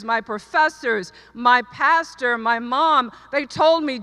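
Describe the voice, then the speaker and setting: A middle-aged woman with a high, bright voice delivers a commencement address in earnest storytelling form, leaning on repeated lines for emphasis. Her words ring out with a long reverb in a large hall. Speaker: commencement speaker. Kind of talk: commencement speech. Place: large hall, live audience.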